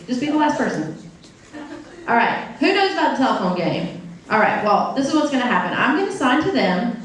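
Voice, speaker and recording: Woman interpreter telling a story to a crowd, high voice that jumps all over, big echoey hall, mic far off. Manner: animated, playful, acts out quoted characters. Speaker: sign language interpreter voicing a deaf storyteller. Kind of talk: live stage storytelling and audience games. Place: large room before a live audience. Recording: very echoey hall, picked up from afar.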